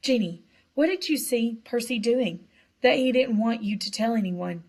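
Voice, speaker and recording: A woman's voice: on the high side, animated, moderate pace, a little mellow, breathy edge. A woman voicing a young schoolboy wizard in her own plain, understated way.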